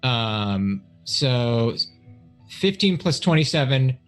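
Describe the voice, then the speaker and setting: A man's voice: mid-range voice, very animated, takes it slowly, smooth, faint music behind. A man playing a tabletop game, easygoing and hesitant as he adds up his rolls. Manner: easygoing, hesitant while adding up dice. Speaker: player.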